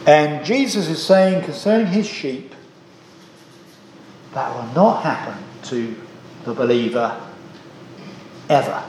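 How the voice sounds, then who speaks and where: A man's voice: fairly high pitch, takes it slowly, pauses often, a little mellow, roomy sound, slight background noise, low-quality recording. A man preaching a sermon, earnest and emphatic, asking the congregation rhetorical questions and repeating key phrases. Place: church.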